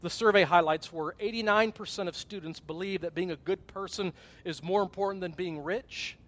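Pastor, middle-aged man, high voice, chatty sermon delivery with acted-out asides. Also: moderate pace, a bit bright. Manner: conversational preaching, acted-out asides and gasps.

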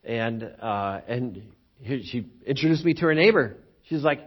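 A man preaching a sermon as pastor, telling stories with lively acted-out voices and frequent chuckles. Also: mid-range voice, measured pace, husky, lo-fi sound. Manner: animated storytelling, acts out quoted voices, chuckles often.

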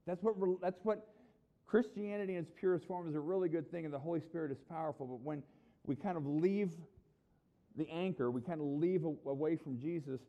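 A man preaching a sermon in a lively, conversational way, with humorous asides to his congregation. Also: on the high side, a little fast, highs cut off. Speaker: pastor.

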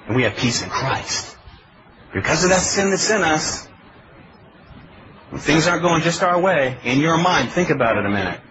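A man's voice: a little high, animated, normal speed, long pauses, muffled recording, background noise. A male pastor preaching a sermon in a pleading, emphatic way, asking his congregation questions. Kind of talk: expository sermon.

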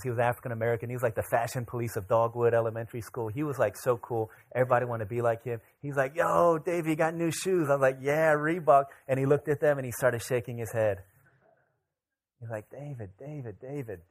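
A middle-aged man, a pastor, preaching a casual sermon full of personal stories, acting out the voices of the people in them. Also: medium pitch. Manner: animated, acts out voices of people in his stories. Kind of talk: storytelling sermon.

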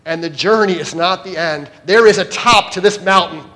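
A man's voice: sits high, moderate pace, pushed and bright. A man preaching a sermon as pastor at a church service, addressing the congregation directly and earnestly.

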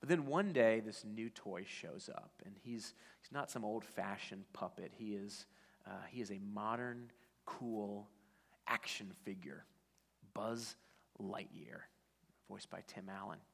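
A man's voice: on the low side, measured pace, vocal fry. A man preaching a sermon, telling a story conversationally with frequent restarts. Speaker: pastor. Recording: long church-hall reverb.

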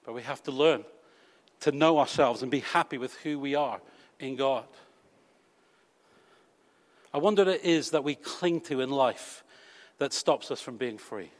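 British preacher, big hall reverb. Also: male voice, medium pitch, unhurried, long pauses. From Britain. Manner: conversational, teasing, rhetorical questions to the congregation. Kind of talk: sermon. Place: church hall. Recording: long reverb of a church hall.

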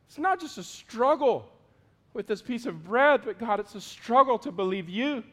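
A man preaching a sermon as pastor, earnest, moving between loud pleading prayers and quiet asides. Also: very high-pitched, expressive, moderate pace. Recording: long hall reverb.

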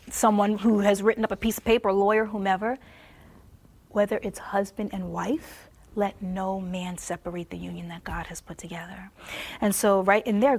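A woman giving a Christian testimony sermon on marriage. She laughs often and drops to a soft near-whisper for emphasis. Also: medium pitch.

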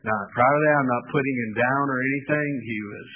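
A man preaching a sermon with passion and a hoarse voice, stretching out key words. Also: mid-range voice, steady tone, fast talker, slight background noise. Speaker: pastor. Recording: tinny phone-like line.

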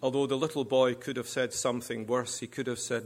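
A man preaching as a guest minister, speaking in measured, deliberate short phrases. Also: mid-range voice, level tone, noisy background. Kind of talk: sermon.

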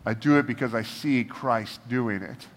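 A man preaching a casual, humorous sermon as a pastor, acting out blunt prayers to God in a lively voice. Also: medium pitch, moderate pace, slight background noise. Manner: animated, humorous, acts out prayers to God in a shifting voice. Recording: long reverb of a large hall.

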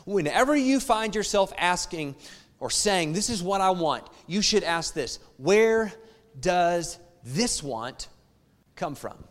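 A male pastor delivers an emphatic sermon in a fairly high voice. He hammers phrases again and again and throws rhetorical questions at the room. His words carry a long echo from the church around him. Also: lively intonation, takes it slowly.

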